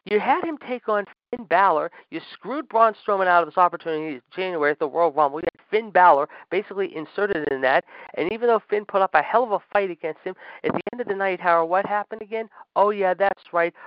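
A man's voice: high voice, no echo, highs cut off. A man hosting a wrestling podcast, ranting angrily and sarcastically and saying "however" over and over. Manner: angry, sarcastic, repeats "however" constantly. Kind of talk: ranting commentary.

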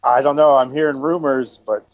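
A man's voice: mid-range voice, steady tone. Joking man with a muffled sound. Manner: joking, throws in quick one-liners. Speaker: podcast co-host. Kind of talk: casual chat.

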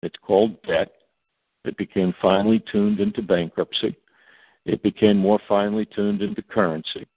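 A man's voice: lowish voice, fairly even intonation, normal speed, breathy edge, no echo. A man speaking as a guest on a talk radio show, in a long emphatic monologue, spelling out acronyms letter by letter. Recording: tinny phone line.

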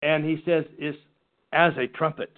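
A man teaching a Bible study class in an earnest, halting way, often restarting his sentences. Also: on the high side, level tone. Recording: tinny phone-like recording.

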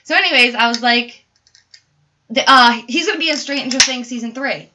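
A woman hosting a podcast, telling stories in an animated, chatty way with lots of "like". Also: a little high, normal speed, noisy background. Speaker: podcast host. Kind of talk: casual chat.

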